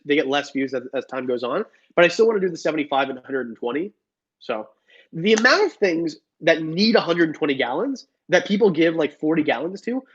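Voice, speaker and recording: A young man hosting a casual reptile livestream, joking and reading chat comments aloud. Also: fairly high pitch. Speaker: reptile channel host answering live chat. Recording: dull lo-fi stream audio.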